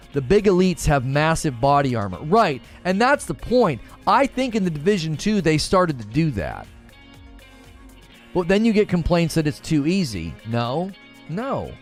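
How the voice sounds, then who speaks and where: An opinionated man hosts a live gaming stream, his voice sitting a little high for a man. He reads out chat messages and argues his points with quick rhetorical questions, while soft music plays behind him.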